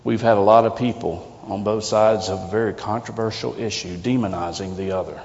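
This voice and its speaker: A male pastor with a fairly low voice delivers a conversational, earnest sermon, tossing out rhetorical questions. His voice carries a long reverb from the sanctuary, and the recording sounds somewhat dull and lo-fi. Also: steady tone, brisk, few pauses, a little mellow. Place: church sanctuary.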